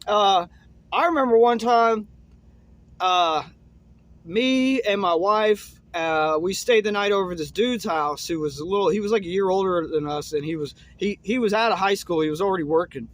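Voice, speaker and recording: A young man casually telling a rambling story, filling it with "man" and "uh" and dropping low and soft at grim moments. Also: normal speed.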